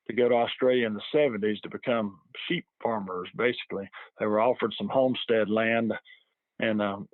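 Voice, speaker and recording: An older man from the US South with a Southern accent, telling stories in a halting, rambling way as an interview guest. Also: medium pitch, no echo. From Georgia, US South. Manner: rambling, halting storyteller with many restarts. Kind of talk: casual interview chat. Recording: tinny phone-line audio.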